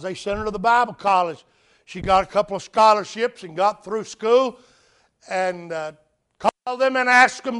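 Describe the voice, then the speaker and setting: High-voiced preacher telling a story. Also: male voice, normal speed, clear, resonant tone. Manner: dramatic swings from hushed to loud. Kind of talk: storytelling sermon.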